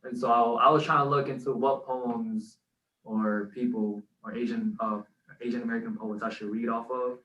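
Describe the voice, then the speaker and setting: A man's voice: medium pitch, steady tone, normal speed, pushed and bright, far from the mic, muffled recording. Roomy, off-mic man reciting spoken word. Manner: earnest, rhythmic poetry recital. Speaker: co-host and spoken word poet. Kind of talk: podcast chat and spoken word poem. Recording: echoey room, off-mic.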